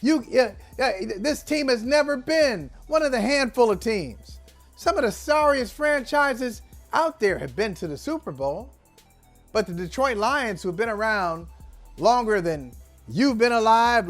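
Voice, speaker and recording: High-voiced man hosting sports talk. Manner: teasing, animated. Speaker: host. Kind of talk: sports talk show debate.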